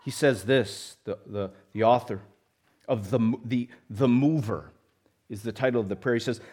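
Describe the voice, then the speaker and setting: A man preaching a sermon to a congregation, moving between loud emphatic lines and quiet conversational asides. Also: medium pitch, moderate pace. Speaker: pastor.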